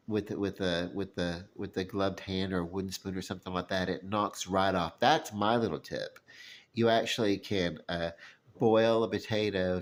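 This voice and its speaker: A man with a Louisiana Southern accent chatting casually about holiday cooking, halting with many fillers and restarts. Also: low voice. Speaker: vlogger. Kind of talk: casual rambling chat.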